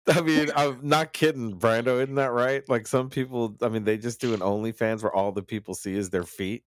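A man's voice: medium pitch, fairly even intonation, normal speed. A man hosting a casual chat, leading the story in a loose, profane way.

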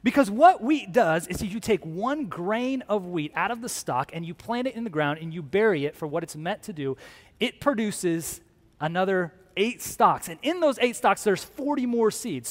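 A man preaching a lively sermon to a congregation, acting out other people's voices. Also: sits high, normal speed. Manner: animated, acts out voices of disciples. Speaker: pastor. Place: large room with a congregation. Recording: long hall reverb.

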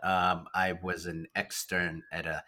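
A man in his forties, a therapist, casually recounting a work story in conversation, with animated, incredulous turns. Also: sits low, unhurried.

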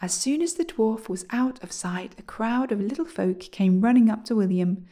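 A woman reading a children's story aloud, speaking gently and softly, often slipping into a whisper. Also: on the high side, animated, moderate pace.

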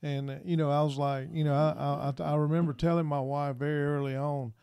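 Soft-spoken, halting middle-aged man. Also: a little high, flat delivery, clear, resonant tone, no room sound, studio quality. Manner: halting and soft-spoken, with many pauses and restarts. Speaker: minister and interview guest. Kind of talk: personal testimony in an interview.

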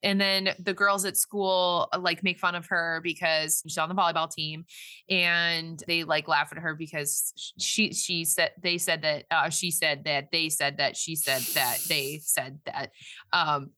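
A woman talks through a movie's plot in casual chat, her voice bright and forward. She rambles, restarts sentences and fills gaps with "like" and "um." The sound is close and dry, with no room around it. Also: low-pitched, flat delivery, a little slow, dry recording. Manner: rambling, filler-heavy retelling with quoted voices.

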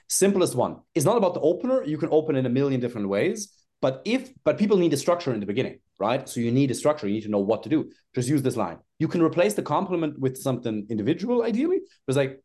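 A man's voice: sing-song, quick pace, few pauses, warm tone. A man, a dating coach guest on a podcast, who talks bluntly, swears freely and acts out lines he quotes. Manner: swings widely in pitch for emphasis. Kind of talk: animated podcast interview talk.

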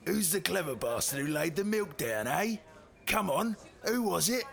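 An actor playing a hot-tempered, gruff British driving instructor in a comedy sketch. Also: male voice, high voice, big pitch swings, moderate pace, fairly bright tone, heavily acted. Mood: angry.

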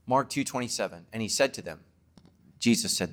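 A man, a pastor, preaching an emphatic sermon to his congregation and closing with a quiet prayer. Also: fairly low pitch, fairly quick.

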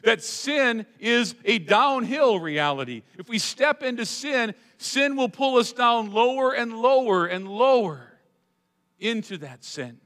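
A male pastor preaching a sermon, dramatic, swinging between loud emphatic lines and hushed asides. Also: very high voice, lively intonation, slow. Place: church sanctuary. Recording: long hall reverb.

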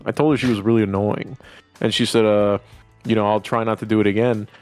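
A man's voice: fairly low pitch, level tone, fast talker, darkish tone, smooth, no echo, soft background music. A man co-hosting a podcast, telling crude, joking stories in casual chat. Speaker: podcast co-host. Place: podcast studio.

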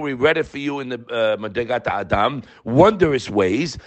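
A man in his sixties giving an inspirational Torah talk, telling stories with swings between quiet and emphatic moments. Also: mid-range voice, normal speed, hardly any pauses. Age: 60s. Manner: animated storyteller, swinging from quiet to loud. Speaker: Torah teacher.

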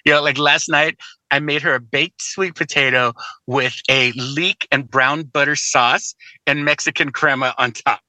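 A middle-aged man chatting as a podcast guest, an animated storyteller who jokes and laughs easily. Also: mid-range voice, unhurried, no echo, rough recording. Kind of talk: casual conversation.

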